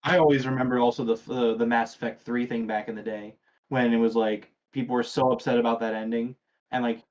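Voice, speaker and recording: A man's voice: mid-range voice, steady tone, a little fast, darkish tone, highs cut off. A man hosting a casual gaming podcast, reading news items aloud and asking co-hosts questions, with a sarcastic streak. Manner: chatty, sarcastic, leads the discussion. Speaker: podcast host.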